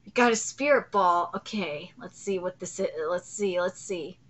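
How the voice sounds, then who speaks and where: A woman in her thirties hosting a live reaction video, swinging from loud gasping excitement to low, swearing rants. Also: normal speed, hardly any pauses. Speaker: channel host reacting to a manga chapter.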